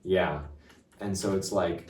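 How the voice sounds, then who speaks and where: A young man telling a story in casual chat, animated and full of filler words. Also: low-pitched, slow. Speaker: guest. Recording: roomy, distant mic.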